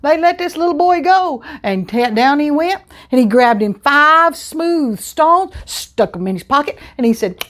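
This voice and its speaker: A woman teaching a children's Bible lesson, telling the story in an animated, exclamatory way. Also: high voice, normal speed.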